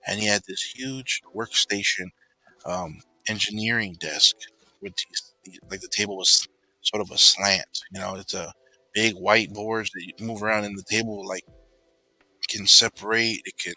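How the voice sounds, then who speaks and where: A man casually telling a personal story, rambling and filling pauses with "you know.". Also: lowish voice, fairly even intonation, sharp tone, rough recording.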